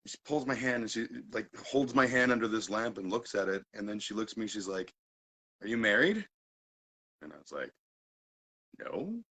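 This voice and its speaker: Animated bright-voiced man telling stories. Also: fairly low pitch, fast talker, few pauses, low-quality recording. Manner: animated, swings loud and quiet, laughs often. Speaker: podcast host. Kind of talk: casual storytelling chat.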